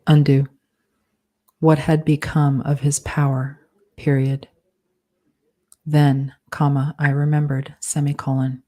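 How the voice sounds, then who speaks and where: A woman author dictating her novel live, slowly reading out each comma and period as she composes. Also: low-pitched, level tone, mellow. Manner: slow, measured, speaking punctuation aloud. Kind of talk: live dictation of fiction with spoken punctuation.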